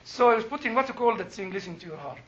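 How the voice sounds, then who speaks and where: A man's voice: high voice, rapid-fire, dull audio, a little hiss or hum. An older man teaching a Bible class, telling a story with laughter and emphatic outbursts. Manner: animated, laughing, rising to emphatic bursts.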